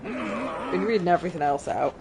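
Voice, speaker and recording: A woman's voice: on the low side, lively intonation, normal speed, gravelly, noisy background. A woman with a northern English accent, a streamer chatting casually while playing and reading game text aloud. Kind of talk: casual gameplay chat.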